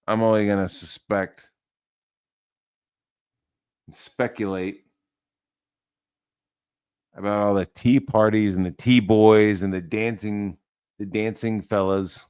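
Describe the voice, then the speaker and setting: A man's voice: on the low side, flat delivery, slow, pauses often, a little mellow, smooth. A man delivering a profane, heated rant as an online commentator, swearing freely and mocking his target.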